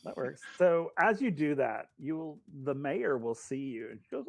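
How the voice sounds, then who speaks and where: A man narrating as game master of a tabletop game, chatty and animated, with many fillers. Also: on the high side, normal speed, vocal fry.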